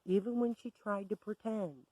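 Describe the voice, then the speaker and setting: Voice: medium pitch, normal speed, dark tone, dry recording, rough recording. A storyteller recounting a personal story in a blunt, wry, candid way.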